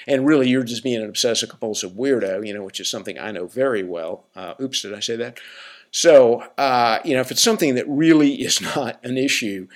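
A man's voice: mid-range voice, a little fast. A man hosting a podcast, giving casual advice in a rambling, blunt and wry way, full of fillers. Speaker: podcast host.

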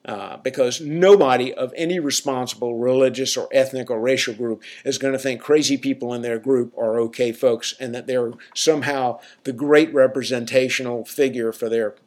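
Southern-accented man, casual rambling monologue host, mid-pitched voice. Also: steady tone, normal speed, few pauses, darkish tone. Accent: Southern American. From Southern United States. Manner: rambling, colloquial, talks to listeners with frequent "right?".

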